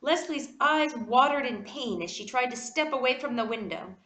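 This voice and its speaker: A woman reads a children's storybook aloud with animated expression. Her voice sits fairly high and moves widely, and an echoey room surrounds it. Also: normal speed. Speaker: reader.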